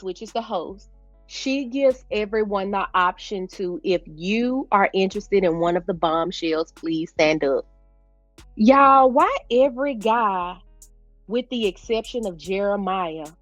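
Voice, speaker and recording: A woman's voice: medium pitch, no room sound. Chatty woman recapping a TV show, dry sound. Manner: chatty, addresses viewers as "y'all"; informal slangy speech. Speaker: TV recap vlogger. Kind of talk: casual TV recap to viewers.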